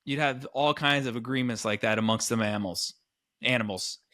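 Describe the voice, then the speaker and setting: A man's voice: medium pitch, moderate pace, bright, forceful tone, no room sound, studio quality. A man co-hosting a podcast, talking casually and with enthusiasm, rambling with many restarts. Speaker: podcast co-host. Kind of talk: casual chat.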